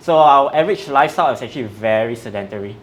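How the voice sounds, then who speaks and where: A man's voice: mid-range voice, lively intonation, rapid-fire, slight background noise. A man, a strength coach, explaining in an interview in a methodical, step-by-step way. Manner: methodical, breaks facts down step by step.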